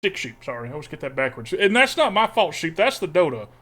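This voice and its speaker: A man's voice: a little high, big pitch swings, quick pace, a bit bright. Man in a put-on Texas drawl. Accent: put-on exaggerated Texas drawl. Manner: folksy, joking, chats with viewers. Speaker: streamer playing a card game. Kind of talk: casual live-stream commentary.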